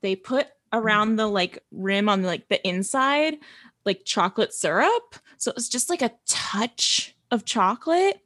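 A woman in her late twenties co-hosting a podcast, talking in a rambling, animated way and laughing often. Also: medium pitch, measured pace, no echo, clean studio sound. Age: late 20s. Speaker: podcast co-host. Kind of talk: casual chat.

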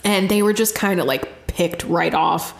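A woman's voice: lowish voice, unhurried, vocal fry, reverberant. A woman co-hosting a podcast, telling a story in casual chat, chatty and giggly with lots of fillers. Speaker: podcast co-host.

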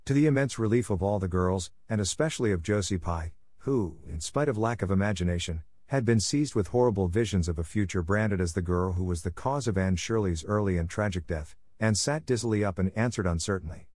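Low-voiced man narrating a storybook. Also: a little fast, few pauses, a little mellow, dry recording. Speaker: audiobook narrator. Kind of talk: scripted narration.

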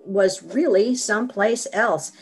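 A woman's voice: medium pitch, slow pace, slightly rough, soft background music. A middle-aged woman telling her own story as an interview guest, with earnest, vivid storytelling.

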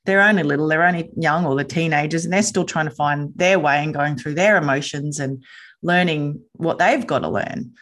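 A woman hosting a podcast in casual interview chat, talking in a chatty, animated way that jumps into playful voices. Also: sits low, moderate pace. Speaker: podcast host.

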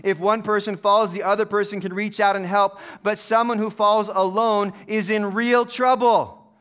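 Middle-aged male pastor, chatty humorous preacher, high and smooth. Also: level tone, normal speed, fairly bright tone. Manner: conversational, humorous storytelling preacher. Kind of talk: sermon.

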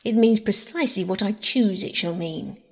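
Woman voicing a cool scheming gentleman, dry delivery, husky tone, long reverb. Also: mid-range voice, natural voice. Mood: dry, measured. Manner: dry, measured.

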